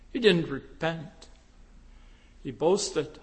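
A man preaching a sermon, slow and deliberate, with emphatic rises into impassioned pleading. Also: on the high side, a little mellow. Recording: long reverb of a large hall.

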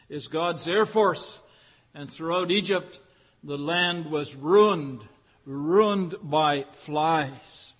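High-voiced pastor preaching slowly. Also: male voice, a bit bright, breathy edge, long reverb tail. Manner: deliberate, rhetorical, repeats phrases for emphasis. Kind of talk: sermon. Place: church.

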